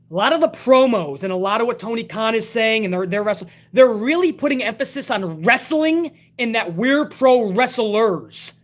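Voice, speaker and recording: Blunt, profane male wrestling show host. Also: sits high. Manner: blunt, profane, animated rants. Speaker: wrestling talk show host reading live chat. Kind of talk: casual live-stream commentary.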